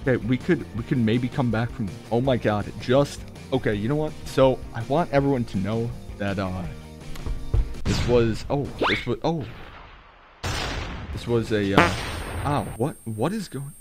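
A young man streaming a mobile shooter, talking to his chat with excitable commentary and sudden high yelps and laughs. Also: unhurried, music in the background. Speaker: gaming streamer. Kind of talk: live gameplay commentary.

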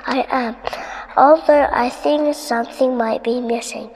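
A woman's voice: a little high, steady tone, measured pace, a little mellow, a little hiss or hum. A woman with an Indonesian first language voicing a fussy, demanding pregnant wife in a read-aloud storybook, whiny and insistent. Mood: dreamy. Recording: long hall reverb.

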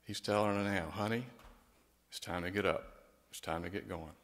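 A man's voice: low voice, moderate pace, in a large hall. A man speaking as a pastor, giving a tender funeral eulogy and prayer. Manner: gentle and tender, rising to lively storytelling.

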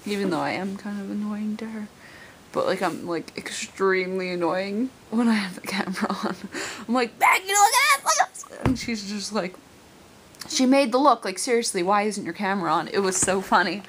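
Talking to her camera in a casual vlog, a young woman rambles at normal speed, filling gaps with plenty of fillers. Her voice is mid-range, and the poor audio carries a slight hiss or hum.

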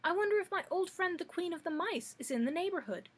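A woman voicing a kind-hearted male tin man, speaking gently and politely in a storybook reading. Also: extremely high pitch, lively intonation, quick pace, pitched above the performer's own voice.

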